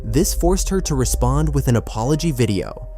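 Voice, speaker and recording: A man's voice: mid-range voice, lively intonation, moderate pace, dark tone, faint music behind. A man narrating a documentary in a critical, emphatic storytelling manner. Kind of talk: scripted narration.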